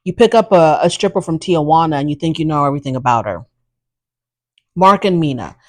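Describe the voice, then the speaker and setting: A woman's voice: sits low, expressive, fairly quick, darkish tone, no echo, low-quality recording. A woman hosting a casual TV recap, chatty and opinionated with sassy asides. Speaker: reality TV recap host.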